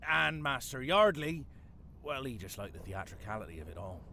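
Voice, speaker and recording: A macabre West Country gardener. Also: male voice, medium pitch, very animated, moderate pace, pushed and bright, slight background noise. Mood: sly. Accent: English West Country. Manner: wry, theatrical, darkly playful. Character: dead old English gardener, dry, macabre. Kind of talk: video game voice acting.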